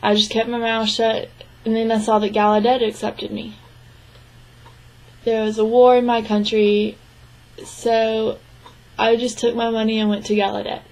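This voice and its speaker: A young woman voicing a signed interview aloud, her voice sitting fairly high. She keeps an even, flat tone and breaks her speech into short, halting phrases. She often stops to clear her throat. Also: rough recording. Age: young adult. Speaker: sign language interpreting student.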